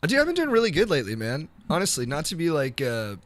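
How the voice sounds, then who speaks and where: A man's voice: a little high, wildly swooping pitch, quick pace, dry recording. A comedian guest on a podcast, telling stories in a loose, casual way and filling his talk with "like" and "dude". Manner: loose, slangy, heavy use of "like" and "dude". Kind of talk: casual storytelling chat.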